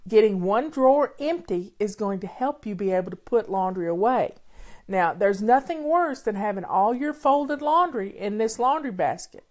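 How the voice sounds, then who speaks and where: This older woman's voice is medium-pitched, expressive, and darkish, at a moderate pace. She's a home-organizing host chatting casually and folksily with viewers live, talking over faint background music.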